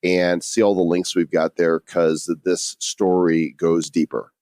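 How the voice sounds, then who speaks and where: Low-voiced man joking on a podcast. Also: measured pace, no room sound, studio quality. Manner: jokey, animated, with teasing incredulous asides. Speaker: podcast co-host. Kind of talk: casual podcast banter.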